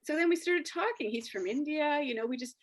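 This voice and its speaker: A woman's voice: sits high, fairly quick. A woman hosting a casual, reflective chat, telling stories animatedly. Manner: animated storytelling, acting out quoted dialogue. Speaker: host.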